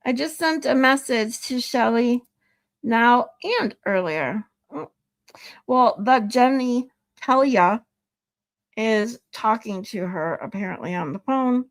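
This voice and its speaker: A woman's voice: on the high side, slow. A woman streaming live, chatting casually with viewers, laughing often and swearing loosely. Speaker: live streamer reading chat.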